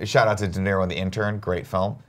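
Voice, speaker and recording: A man co-hosting a casual comedic morning chat show, rambling and joking in a deadpan way. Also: low voice, fast. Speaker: show co-host.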